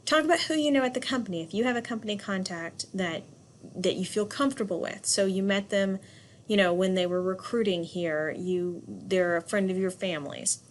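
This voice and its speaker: Woman instructor, direct and emphatic in class, medium pitch, light room noise. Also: a little fast. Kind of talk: classroom lecture.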